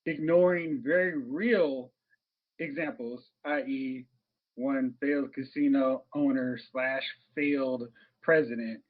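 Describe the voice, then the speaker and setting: A man hosting a movie podcast, calling on co-hosts and laughing easily in casual chat. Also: mid-range voice. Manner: leads segments, laughs easily. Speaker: podcast host. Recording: slightly muffled audio.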